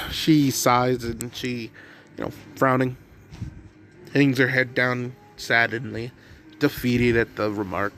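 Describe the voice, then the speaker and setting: A man's voice: mid-range voice, little pitch movement, slow pace, a bit bright, a little hiss or hum. A man improvising a fan story narration, rambling with many fillers.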